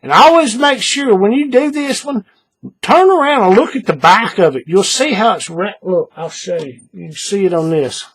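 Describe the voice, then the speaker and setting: A man calmly talking through a paracord bracelet tutorial step by step, patient and repetitive, often checking in with the viewer. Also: high voice, normal speed, slightly rough. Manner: patient, repeats steps, checks in with "all right?". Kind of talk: hands-on craft tutorial.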